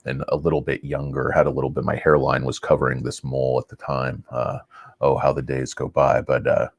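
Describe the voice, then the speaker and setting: Low-voiced rambling stock channel host, a man. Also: a little fast. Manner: rambling, excitable, self-mocking. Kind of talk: casual market commentary.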